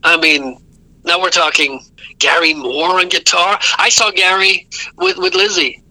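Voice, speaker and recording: High, bright-voiced man. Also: animated, measured pace, creaky, dry recording, rough recording. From Ireland. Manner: rambling, self-correcting anecdotes with laughs. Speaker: guest musician. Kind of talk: casual storytelling interview.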